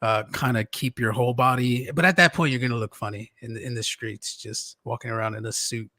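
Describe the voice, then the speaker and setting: A man's voice: medium pitch, fairly even intonation, fairly quick, bright, forceful tone, no room sound, studio quality. A man talking as a guest on a podcast livestream, laid-back and jokey, swearing casually. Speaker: podcast guest, music producer.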